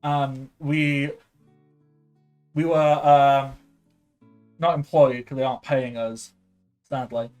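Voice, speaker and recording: A man's voice: medium pitch, fairly even intonation, takes it slowly, pauses often, a little mellow, soft background music, lightly acted. A man voicing a bumbling male soldier who stammers and rambles through excuses. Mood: flustered.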